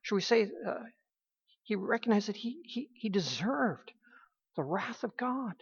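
A woman preaching a sermon in a halting, emphatic way, with many restarts. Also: mid-range voice, sing-song, slightly rough. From United States. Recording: dull lo-fi recording.

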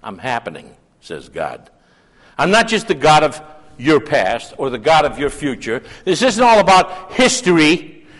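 A man preaching with a fairly high voice, rising to loud emphatic calls and dropping to hushed asides. His sermon rings through a large church with a long trailing reverb.

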